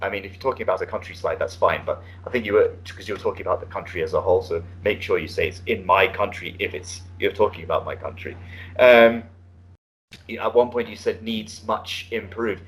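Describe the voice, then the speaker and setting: A man giving spoken feedback as an IELTS speaking examiner over an online call, relaxed and coaching, with many fillers and restarts. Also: low-pitched, quick pace, low-quality recording. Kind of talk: spoken feedback on a mock test. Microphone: online video call.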